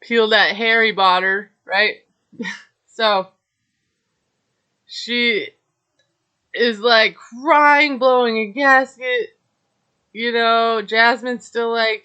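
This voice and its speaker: A woman recapping a reality episode in a slow, unhurried way, gossiping and passing judgment between her fillers. Her voice is bright and forward, and the recording sounds somewhat dull and lo-fi. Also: fairly high pitch, fairly even intonation, clean tone. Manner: chatty, gossipy, judgmental asides with filler words. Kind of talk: casual recap monologue.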